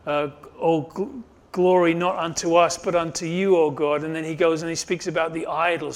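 Man preaching a sermon in a highish voice. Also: flat delivery, moderate pace. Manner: rises and swells when stressing a point, then drops low and soft; repeats and restarts phrases while preaching. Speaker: pastor.

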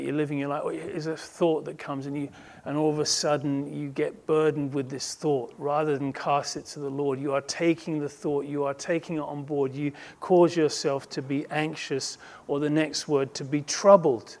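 A man's voice: a little high, little pitch movement, moderate pace, darkish tone. A man preaching a sermon as a pastor, earnest and emphatic, building intensity through repeated phrases.

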